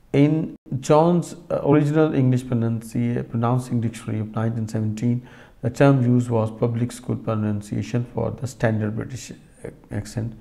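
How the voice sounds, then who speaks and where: Speaking to students in a recorded lecture, a man uses a creaky, dark, medium-pitched voice. His explanations are slow and full of fillers and restarts, aimed directly at the class.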